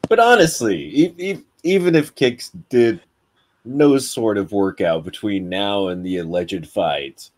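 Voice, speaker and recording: Slow, lively-pitched man chatting. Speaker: guest. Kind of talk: casual live-stream chat.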